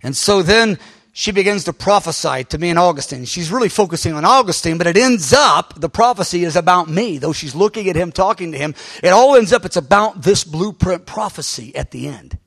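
A male pastor telling a story to his congregation, animated, with many fillers and restarts and sudden loud bursts. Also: sits high, a little fast. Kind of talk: sermon storytelling.

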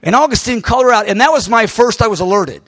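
A male pastor telling a story to his congregation, animated, with many fillers and restarts and sudden loud bursts. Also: high-pitched, fast. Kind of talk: sermon storytelling.

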